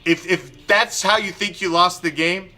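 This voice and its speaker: Casting: fiery male fan-show host, bright forceful voice, angry profane rant, faint music underneath. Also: sits high, fairly even intonation, measured pace. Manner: angry, profane, emphatic ranting with repetition. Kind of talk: ranting live sports commentary.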